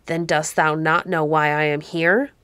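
A woman voicing a stern middle-aged baron, a man with a deep, harsh, commanding manner, in a storybook reading. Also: little pitch movement, unhurried, sharp tone, smooth, no room sound, studio quality. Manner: cold and commanding.

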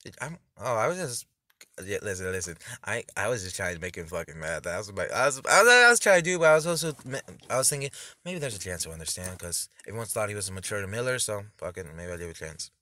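A teenage boy making a loud, profane reaction video, laughing often as he talks. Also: deep voice, lively intonation, fast. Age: teens. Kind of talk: reaction commentary.

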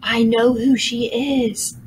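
A brave young girl speaks up fast and defiant, as a woman reader gives her voice. Her lines come higher than the narration and press with urgency. A faint hiss lies under the storybook reading. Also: flat delivery, low-quality recording. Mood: urgent. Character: bold, quick-witted young girl hero.

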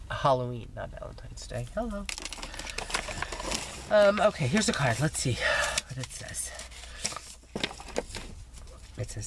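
A woman's voice: low-pitched, a little hiss or hum. A woman vlogger chatting casually as she shows crafting mail, gushing and teasing herself while getting over an illness. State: recovering from illness, coughing. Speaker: scrapbooking vlogger. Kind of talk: casual chat showing mail.

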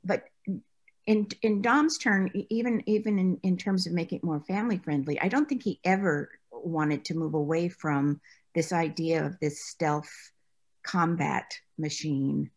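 Speaking at a measured pace with a fairly low, darkish voice, this American woman is a guest in a conversational interview. Once an actress, she tells chatty stories about that work and laughs frequently.

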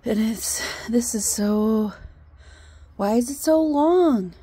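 A woman's voice: fairly high pitch, breathy edge. A woman chatting casually to the camera in a rambling vlog, partly outdoors by a lake. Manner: chatty and rambling, talks softly to a duck. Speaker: vlogger.

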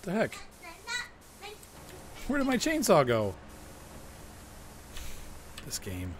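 A man's voice: on the high side, wildly swooping pitch, extremely slow, slight background noise. A man hosting a casual gameplay video, chatting and grumbling about game glitches as he plays. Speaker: gaming video host.

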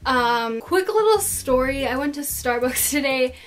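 A woman's voice: sits high, expressive, measured pace, faint music behind. A teenage girl chatting casually in a get-to-know-me vlog, telling stories with lots of "like" fillers. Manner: chatty, dramatic storytelling with many "like" fillers.

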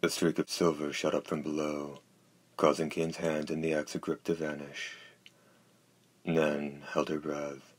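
A man narrating an audiobook in a steady, measured reading. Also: a bass voice. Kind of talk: scripted narration.

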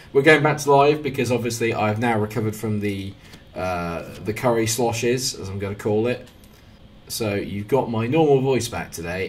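A man's voice: lowish voice, a little hiss or hum. A young man with a southern English accent giving jokey, chatty commentary while playing a football game at home. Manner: jokey, chatty, excitable at goals. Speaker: gaming video host. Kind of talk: casual gameplay commentary. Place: home flat.

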